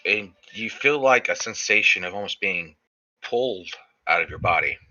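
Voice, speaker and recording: A man narrating a tabletop game as game master, describing scenes in slow detail with fillers. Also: low-pitched, animated, bright, forceful tone, lo-fi sound.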